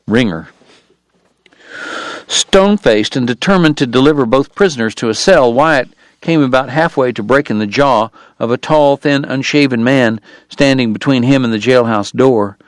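Man, audiobook narration, measured storytelling, medium pitch, dry sound. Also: dry recording. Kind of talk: scripted narration.

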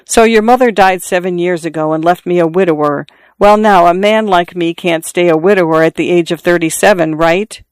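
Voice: mid-range voice, brisk, few pauses, clear, resonant tone, no room sound, lightly acted. A reader voicing a dying father, earnest and insistent. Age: 40s. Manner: earnest, insistent, repeats himself. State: in pain, out of breath. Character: dying middle-aged father, urgent and confiding.

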